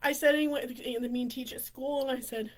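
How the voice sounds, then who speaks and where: A woman vlogger telling funny stories in an excitable, rambling way, giggling and restarting often. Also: high-pitched, fast talker. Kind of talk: casual storytelling.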